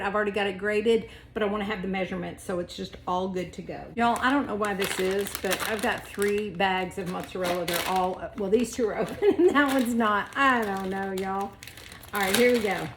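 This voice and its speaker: A woman's voice: medium pitch, very noisy. A woman chatting casually while preparing food in her home kitchen, lighthearted and laughing easily, saying "y'all.". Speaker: vlogger and wellness coach.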